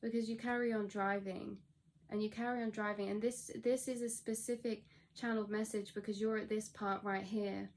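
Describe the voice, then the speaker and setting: A woman's voice: mid-range voice, flat delivery, moderate pace, a little hiss or hum. A woman giving a general tarot reading as a rambling spoken monologue, acting out quoted thoughts with many restarts. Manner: rambling, storytelling with restarts and quoted inner voices. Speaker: tarot reader.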